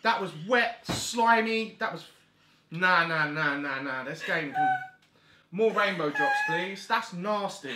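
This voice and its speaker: A young man doing a taste challenge, squeamish and loud, swearing and saying "mate" a lot. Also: high-pitched, lively intonation, slow. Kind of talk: casual blindfolded challenge banter. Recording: echoey room, faint noise.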